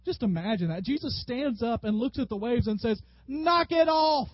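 A man with a high voice preaches a sermon. He tells stories with lively energy and bursts out loudly when acting out what people said. The recording is dry and slightly dull. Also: a little fast, dry recording. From Tennessee, USA. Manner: animated, storytelling preacher who acts out quotes loudly. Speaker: pastor.

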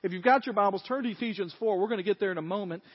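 A man preaching in a church, talking to the congregation in a folksy, chatty way. His voice sits high. The sound is dull, and a long reverb from the sanctuary trails each phrase. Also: racing, husky. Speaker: pastor. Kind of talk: sermon.

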